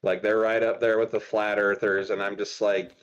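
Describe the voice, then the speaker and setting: A man's voice: lowish voice, flat delivery, moderate pace, dull audio. A man co-hosting a stream, talking bluntly and with exasperation in casual chat.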